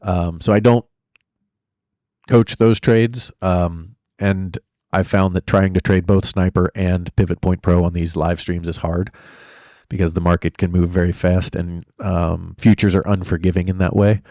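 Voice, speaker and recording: A man's voice: low-pitched, little pitch movement, a little slow, darkish tone, no echo, lo-fi sound. A man hosting a live trading stream, chatty and blunt, rambling between chart talk and answers to viewers. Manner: blunt and opinionated. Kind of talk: casual live-stream commentary.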